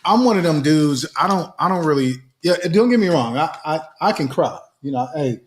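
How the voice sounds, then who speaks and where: A man co-hosting a casual marriage podcast, talking in an animated, slangy way, repeating words and acting out quotes. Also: on the high side, normal speed, slight background noise. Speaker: podcast co-host. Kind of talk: casual chat.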